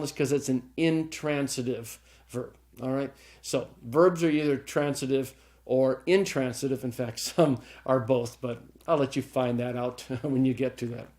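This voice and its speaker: A man's voice: mid-range voice, darkish tone. A middle-aged man teaching Greek grammar in a recorded lecture, patient and chatty, often checking in with "okay?" and chuckling lightly as he explains.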